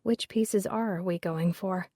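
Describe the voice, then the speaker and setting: A woman's voice: on the low side, slow, mellow, dry recording, studio quality. A woman voicing a curious, polite young woman writer who speaks plainly.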